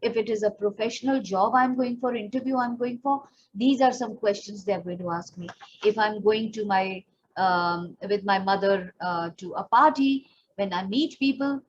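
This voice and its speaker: A woman's voice: medium pitch, a little hiss or hum. A woman with an Indian accent, a pageant coach giving earnest, encouraging advice straight to her viewers. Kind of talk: instructional talk to camera. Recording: slightly dull recording.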